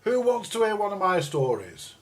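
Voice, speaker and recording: A man's voice: high-pitched, sing-song, moderate pace. A man hosting a live chat, telling a long, rambling, profanity-heavy story from his school days with many restarts and asides. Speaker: livestream host.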